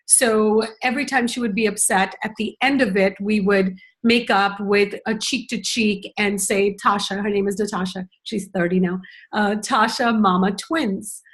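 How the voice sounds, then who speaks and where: A woman's voice: mid-range voice, fairly even intonation, moderate pace. A middle-aged woman speaking as a parenting educator in a conversational conference talk, reflective and earnest, with many "you know" fillers.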